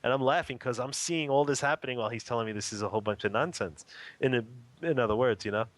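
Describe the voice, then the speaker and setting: Talking quickly in a mid-range voice, a man who teaches spirituality recounts a personal experience on a radio interview. His telling is earnest and vivid, and he keeps rephrasing while describing what he witnessed.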